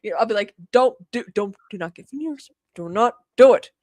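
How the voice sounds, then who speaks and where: A woman's voice: a little high, expressive, fairly quick, a little mellow, no echo. A woman in her thirties co-hosting a podcast, chatting casually and rambling with lots of restarts. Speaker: podcast co-host. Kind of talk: casual chat.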